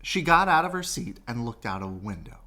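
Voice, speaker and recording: A man reading a children's picture book aloud, slow and expressive, with sing-song rises and falls. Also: mid-range voice, gravelly. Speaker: storybook reader.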